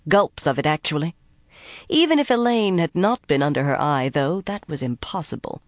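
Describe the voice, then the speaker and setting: This is scripted audiobook narration of a fantasy novel, told in a calm, measured, even way. The narrator's voice sits in the mid range, and the dry recording has studio quality.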